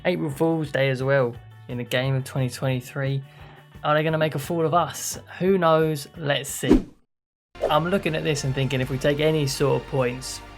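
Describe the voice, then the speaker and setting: A man giving casual, excitable play-by-play commentary over his own football video game match, quick to blame himself when things go wrong. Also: mid-range voice. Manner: excitable play-by-play, self-critical outbursts. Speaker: gaming YouTuber. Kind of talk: live commentary over gameplay.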